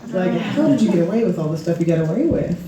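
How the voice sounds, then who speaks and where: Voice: medium pitch, animated, fast talker, dark tone, slight background noise. An interviewer asking admiring, enthusiastic questions on stage. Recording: echoey room from far off.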